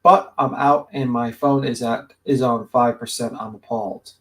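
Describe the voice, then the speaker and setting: A man's voice: medium pitch, fairly even intonation, fairly bright tone, recorded from a distance. Man reading donations from across the room. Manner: reads a donation message aloud, halting. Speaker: stream co-host reading donations. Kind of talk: casual livestream chat. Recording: voice picked up away from the mic.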